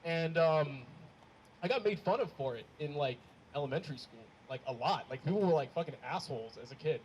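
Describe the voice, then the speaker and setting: A man's voice: fairly high pitch, animated, a little fast. A young man born in Ethiopia with an American accent, doing a loose, profane, self-mocking stand-up set on an outdoor stage in the cold. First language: Amharic. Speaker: stand-up comedian. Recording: noisy outdoor live recording. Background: laughing crowd.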